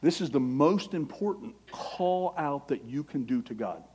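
A man delivers a sermon in a high, ringing voice. He preaches with passion and quotes scripture. When he gets excited his voice climbs higher still. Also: measured pace, slightly rough. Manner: impassioned, quotes scripture, acts out prayers.

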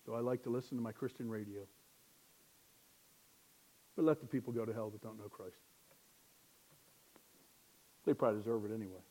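A man's voice: lowish voice, steady tone, fairly quick, pauses often, warm tone. A man preaching a sermon in a conversational way, asking rhetorical questions and joking at his own expense. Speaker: pastor.

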